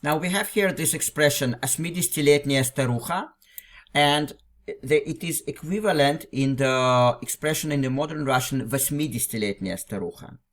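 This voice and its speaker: A man's voice: on the high side, moderate pace, fairly bright tone. A man teaching a language through a classic text, explaining it line by line. He talks patiently and often repeats phrases or restarts a sentence.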